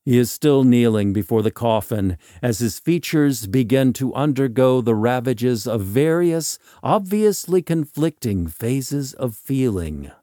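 A man narrating a scripted horror story in a measured, ominous way. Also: medium pitch, animated, warm tone, no echo, studio quality.

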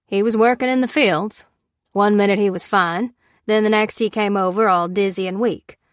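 A man's voice: sits high, fairly even intonation, normal speed, no room sound, studio quality, lightly acted. A woman voicing a bitter, gossipy male field medic who talks in a sly, folksy way. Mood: grave.

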